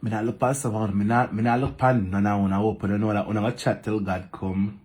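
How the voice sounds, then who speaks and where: Animated Jamaican man ranting in patois. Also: fairly low pitch, fast, slight background noise. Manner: animated, repetitive, speaks in patois, talks back to commenters. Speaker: social media vlogger. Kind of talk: casual ranting monologue to camera.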